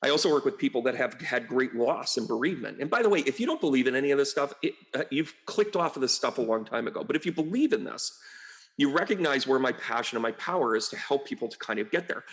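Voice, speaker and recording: A man's voice: mid-range voice, animated, fast talker, a bit bright. A middle-aged man from the United States, a medium, talking to camera in a rambling, chatty way full of fillers and asides. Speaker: medium and astrologer. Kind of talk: casual to-camera monologue.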